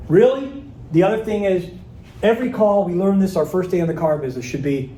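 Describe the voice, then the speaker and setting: A man's voice: high voice, expressive, a little fast, dark tone, echoey room, a little hiss or hum, rough recording. A man leading a live sales workshop, talking casually and acting out sample voicemails and emails. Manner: conversational, acts out sample calls and emails. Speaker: sales trainer.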